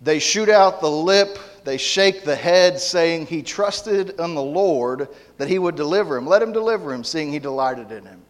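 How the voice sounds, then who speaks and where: A male preacher delivers an emphatic sermon, repeating and restarting phrases as he builds his point. His voice sits a little high, and it rings through a large church hall with a long reverb. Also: lively intonation, normal speed, hardly any pauses. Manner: emphatic, repetitive, with frequent restarts.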